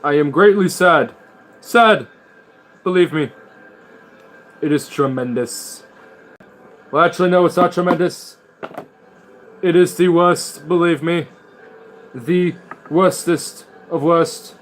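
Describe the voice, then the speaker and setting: Man doing a boastful politician impression, emphatic, raised pitch. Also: slow pace, pauses often, slight background noise. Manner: bragging, emphatic.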